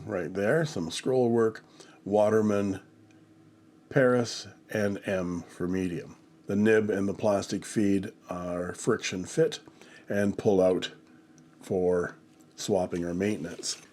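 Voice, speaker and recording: A man with a congested, nasal voice hosting a calm, detailed pen review. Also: low-pitched. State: nasal from illness. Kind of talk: scripted product review narration.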